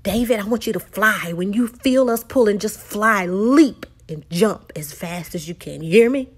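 A woman voices an intense older veteran father, his words low, urgent and half whispered. The voice is husky and pitched below the reader's own, with a steady, commanding press. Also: normal speed, lightly acted. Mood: rousing.

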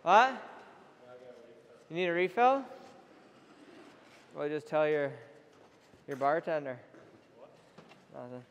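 A young man coaching a goalie on the ice, energetic and playfully teasing between drills, recorded in an indoor rink. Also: a little high, slow, long pauses. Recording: echoey rink with faint noise.

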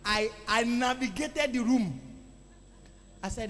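A man preaching a sermon to a congregation, calling for responses and swinging between loud exclamations and quiet asides. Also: extremely high pitch, sing-song, normal speed. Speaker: pastor. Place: church hall. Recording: echoey church hall with music.

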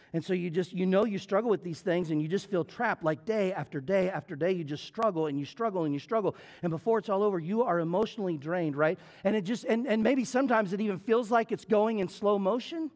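A man's voice: high voice, darkish tone. A middle-aged male pastor preaching a sermon in a church, telling a story in a folksy, playful way and building into repetitive preaching. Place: church sanctuary.

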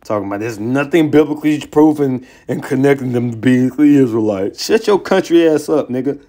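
A man teaching scripture in a heated online sermon, combative and excitable, taunting opponents with profanity, then reading verses aloud and stopping to comment on them. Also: mid-range voice, brisk. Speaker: religious teacher.

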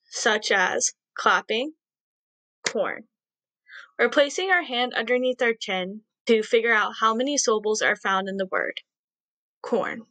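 A woman's voice: on the high side, pushed and bright, dry recording. Encouraging young woman teaching children. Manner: slow, encouraging teacher talk with sing-song praise. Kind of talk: read-aloud lesson for young children.

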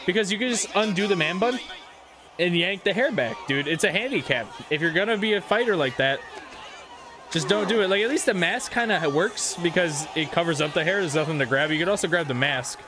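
A man giving joking let's play commentary with excitable whoops and quick reactions, over game music. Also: high voice. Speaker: gaming YouTuber.

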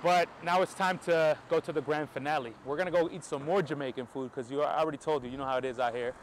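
Excited New York man vlogging outdoors. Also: on the high side, fast, slight background noise. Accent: New York American. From New York, USA. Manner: excited, chatty, swears casually. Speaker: film photography vlogger. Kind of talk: casual vlog to camera. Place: outdoors on a city street.

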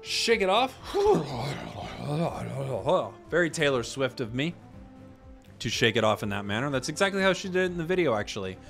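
A young man casually commenting on his matches as he plays, rambling and telling deadpan joke stories. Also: medium pitch, quick pace, soft background music. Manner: rambling, joking, deadpan tall tales. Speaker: gaming channel host.

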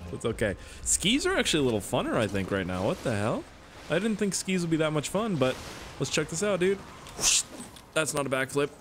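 A man giving excitable, swearing let's-play commentary as a gaming YouTuber. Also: medium pitch, a little hiss or hum. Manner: excitable, swears a lot, laughs at own jokes.

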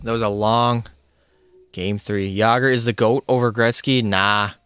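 Excitable young man streaming a hockey game. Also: mid-range voice, a little slow, clear, resonant tone, dry recording. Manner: excitable, talks to chat and teammates. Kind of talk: live gameplay commentary.

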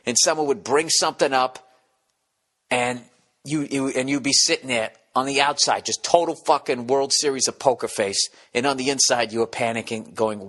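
A middle-aged man hosting a podcast, rambling through a profane comedic monologue full of quick restarts. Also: mid-range voice, a bit bright. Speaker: podcast host.

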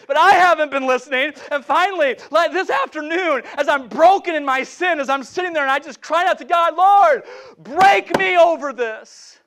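A middle-aged man preaching an impassioned revival sermon in a church, swinging from shouts down to hushed, repeated phrases. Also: very high-pitched. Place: church sanctuary.

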